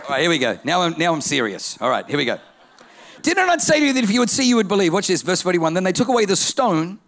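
A middle-aged male pastor preaching a sermon, telling stories with energy and building to shouted declarations. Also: high-pitched, very animated, fast.

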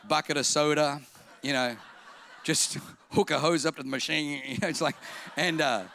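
A man preaching a sermon as a pastor, telling humorous stories with lively energy and now and then breaking into shouts. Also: fairly high pitch, normal speed, vocal fry, a little hiss or hum. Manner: animated humorous storytelling, bursts into shouting.

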